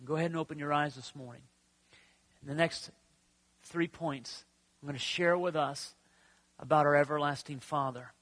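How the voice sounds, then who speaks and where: A preacher swinging from loud to hushed. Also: male voice, on the high side. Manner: swings from loud declarations to hushed near-whispers; slow, drawn-out emphasis on key words. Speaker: pastor. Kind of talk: sermon.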